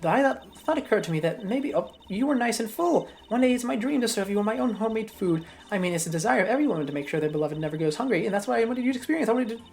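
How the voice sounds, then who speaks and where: A shrill old busybody lady from a courtroom game, as a woman reads her lines aloud, fussing and gushing in swooping, animated leaps. Her scolding bursts shoot far up in pitch. Soft game music sits faintly behind her. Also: rapid-fire, hardly any pauses. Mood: doting. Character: shrill meddling old woman, fawning, bossy.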